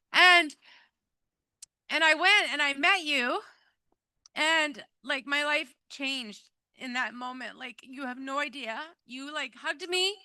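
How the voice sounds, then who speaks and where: Woman, high voice, very bright, earnest rambling testimony, lots of fillers. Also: fairly quick, no room sound. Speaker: event speaker giving a testimonial. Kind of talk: emotional personal testimony to a live audience.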